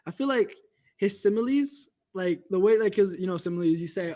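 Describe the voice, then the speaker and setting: Male podcast co-host, high voice, loose and laughing, lots of fillers. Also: animated, a little fast, warm tone. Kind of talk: casual music review chat.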